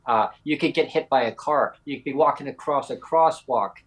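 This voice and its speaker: A man's voice: medium pitch, fairly quick, rough recording. A man co-hosting a podcast, talking combatively and directly to a critic he calls "bud". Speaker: podcast co-host. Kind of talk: podcast discussion.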